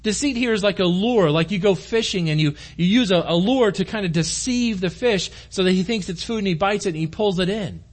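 A man's voice: high voice, fairly quick, hardly any pauses. A man preaching a conversational sermon to his congregation in a church room, earnest and direct. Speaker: pastor.

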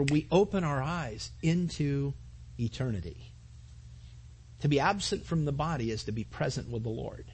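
A man's voice: high voice, breathy edge. A man preaching a sermon to his congregation, earnest, with repetitions and asides to the listeners. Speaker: pastor.

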